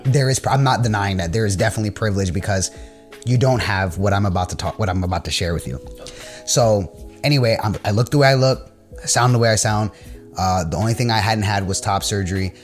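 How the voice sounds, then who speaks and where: Blunt, rambling man with faint music behind. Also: fairly low pitch. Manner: rambling, full of "like" fillers, blunt and profane. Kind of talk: casual storytelling chat.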